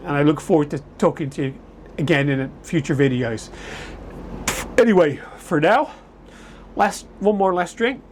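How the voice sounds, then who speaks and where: Brief: rambling man telling stories to camera, slightly raised pitch, faint air conditioner hum behind. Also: expressive, normal speed, pauses often. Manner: rambling, chatty, self-correcting. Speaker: vlogger. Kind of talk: casual storytelling to camera. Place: home in summer, indoors. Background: air conditioner humming.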